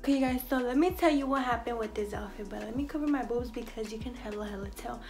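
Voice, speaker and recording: A woman's voice: a little high, fast talker, darkish tone. A young woman, chatting casually through a clothing try-on haul, blunt and swearing constantly. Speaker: fashion vlogger. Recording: echoey room, faint music behind.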